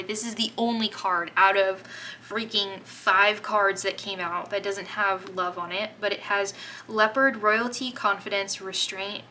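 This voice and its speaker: A woman reads tarot at an unhurried pace, her voice bright and clear. She talks gently and reassuringly, gushing over each card as it comes up. A faint hum of ambience sits behind her. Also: medium pitch, rough recording. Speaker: tarot reader. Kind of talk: spoken tarot reading to viewers.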